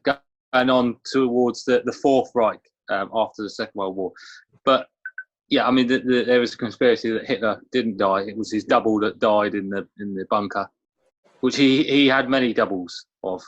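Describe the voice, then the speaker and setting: A man's voice: mid-range voice, fairly even intonation, no room sound. Hesitant man on a lo-fi podcast. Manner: hesitant, halting, many restarts. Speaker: podcast co-host. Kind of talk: casual conversation. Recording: dull dry lo-fi sound.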